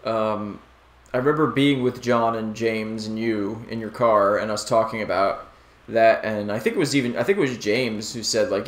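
A man's voice: on the low side, normal speed. A man from New Jersey chatting casually while playing a video game, rambling and joking. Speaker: let's play co-host. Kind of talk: casual gameplay chat. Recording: echoey room with faint game music.

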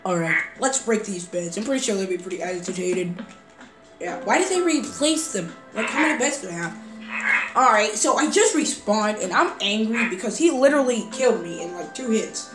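Roomy, lively voice over game music. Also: female voice, medium pitch, moderate pace. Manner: hesitant, full of fillers, bursts into excited shouts. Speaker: voices all characters in a game role-play. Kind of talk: voicing a block-game story.

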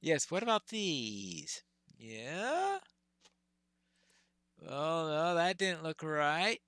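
Chatty, bright-voiced game player. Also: mid-range voice, big pitch swings, extremely slow, no echo. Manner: chatty, laughs at mispronouncing names. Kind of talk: let's play commentary.

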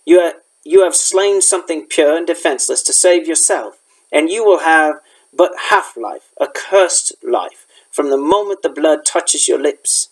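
A man reading aloud, voicing a noble, protective young male centaur with a raised, forceful delivery. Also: fairly high pitch, unhurried, low-quality recording. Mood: grave.

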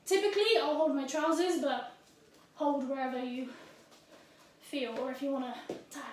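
A woman's voice: sits high, moderate pace. A woman teaching a dance routine, scatting the rhythm in syllables and checking in with "yeah?" and a little out of breath. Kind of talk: dance tutorial with counting and rhythm vocalizing. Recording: echoey room, voice from a distance.

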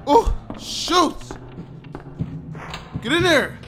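A man giving loud, frustrated gameplay commentary, yelling and trash-talking at the game. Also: extremely high pitch, expressive, extremely slow, soft background music. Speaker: gameplay streamer.

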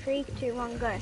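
A woman chatting casually while playing a video game, excitable and rambling, often laughing and gasping. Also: sits high. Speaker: gameplay commentator. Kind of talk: casual let's-play chatter. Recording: noisy background with clicking.

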